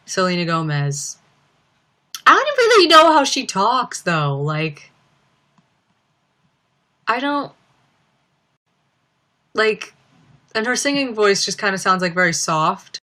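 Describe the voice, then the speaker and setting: A young woman chats on a livestream, answering viewers in a giggly, rambling way. She speaks slowly and leans on plenty of fillers. Her voice has a bright, forward tone. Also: medium pitch, big pitch swings.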